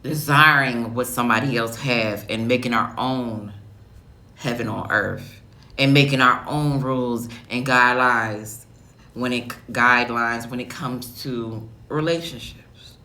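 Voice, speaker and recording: Bright-voiced man giving relationship advice. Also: medium pitch, measured pace. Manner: earnest, preachy, slangy. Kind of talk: casual advice talk.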